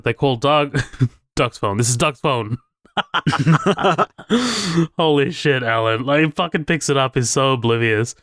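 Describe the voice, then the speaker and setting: A man's voice: medium pitch, fairly bright tone, clear, resonant tone, dry recording, clean studio sound. A man co-hosting a podcast, chatting casually about a movie, swearing freely and laughing often. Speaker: podcast co-host.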